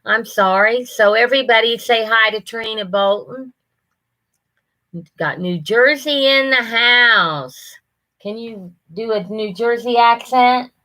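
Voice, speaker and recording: Hosting a livestream, this Ohio woman in her sixties reads viewer comments and greets people by name in a folksy, casual way. She speaks slowly in a slightly high, sharp-toned voice over low-quality audio.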